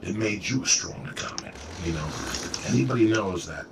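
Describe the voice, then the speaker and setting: Male comic, low voice, spins lively stories in casual talk; recorded far off in a noisy room. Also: moderate pace, reverberant. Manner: animated storyteller, acts out quotes. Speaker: comedian guest. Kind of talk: casual podcast chat, storytelling.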